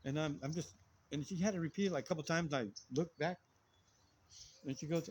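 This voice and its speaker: A man co-hosting a channel, telling a story in casual chat, excitable and full of restarts, shouting sound effects. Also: a little high, quick pace, pauses often, music in the background. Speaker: co-host.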